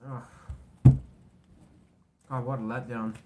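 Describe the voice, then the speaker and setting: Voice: mid-range voice, little pitch movement, slow, very noisy. A tarot reader doing a casual reading to camera, blunt and sarcastic, rambling and correcting themself, with casual swearing. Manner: rambling, self-correcting talk.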